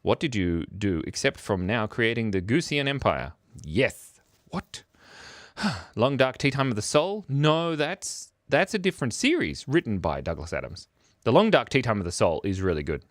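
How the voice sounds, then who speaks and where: A man's voice: medium pitch, very animated, moderate pace, no room sound, studio quality. Goofy rambling man on a livestream. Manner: rambling, goofy, joking with chat. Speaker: livestream art host. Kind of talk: casual livestream chat.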